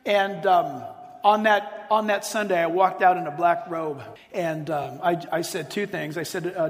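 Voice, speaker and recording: A middle-aged male pastor with a high voice delivers a sermon in a large hall, and long reverb trails his words. He tells stories with animation and hammers points home by repeating them. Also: unhurried. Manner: animated storytelling, emphatic repetition. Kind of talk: sermon to a live audience.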